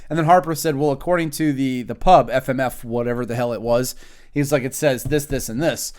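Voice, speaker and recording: A man's voice: medium pitch, fairly quick, a little mellow, smooth. A young man hosting a casual podcast, telling stories and acting out the people in them. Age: young adult. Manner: profane storytelling with quoted voices. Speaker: podcast host. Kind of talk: casual chat.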